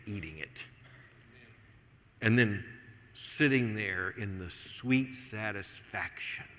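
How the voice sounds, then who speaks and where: An older American man preaching a sermon as pastor, swinging from hushed asides to emphatic points. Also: lowish voice. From United States. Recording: long reverb of a large hall.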